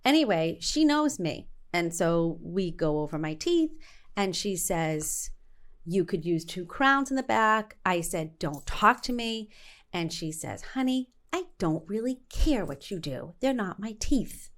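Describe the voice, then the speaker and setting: A woman's voice: on the low side, measured pace. A middle-aged woman co-hosting a casual chat, telling stories and acting out the dialogue. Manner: animated storyteller acting out dialogue. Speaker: co-host.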